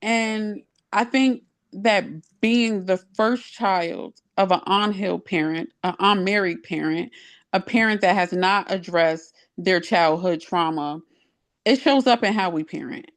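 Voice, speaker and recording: A woman talking thoughtfully in a personal conversation, working through her ideas out loud. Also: mid-range voice, a little slow. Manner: thoughtful, searching, speaks from personal experience. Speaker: guest.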